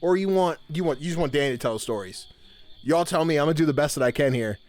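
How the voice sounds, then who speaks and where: A man's voice: fairly high pitch, animated, quick pace, a little mellow, no echo. A man streaming live, chatting casually with viewers in a folksy camp-counselor persona full of drawled "y'all"s. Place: home streaming room with blanket-draped backdrop.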